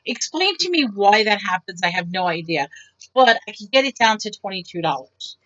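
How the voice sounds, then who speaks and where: A woman's voice: medium pitch, moderate pace. A woman vlogger telling stories in a casual, rambling way, acting out the lines of the people in them. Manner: rambling, animated, acts out quotes. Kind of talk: casual storytelling. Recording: dull lo-fi sound.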